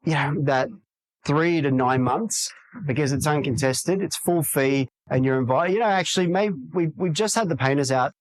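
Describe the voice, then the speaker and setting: Lively real estate man. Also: normal speed, dry recording, low-quality recording. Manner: energetic, acts out quoted dialogue in higher voices. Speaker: real estate agent guest. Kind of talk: podcast interview.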